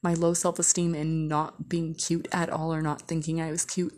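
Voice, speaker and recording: A woman's voice: sits low, level tone, normal speed, darkish tone. A woman casually telling a candid, profane story, full of "like" and blunt asides. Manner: candid, profane, heavy use of "like".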